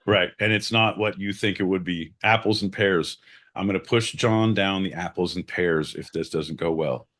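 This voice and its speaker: A man's voice: sits low, moderate pace, fairly bright tone. A man co-hosting a podcast, joking, swearing and rambling in casual chat. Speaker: podcast co-host.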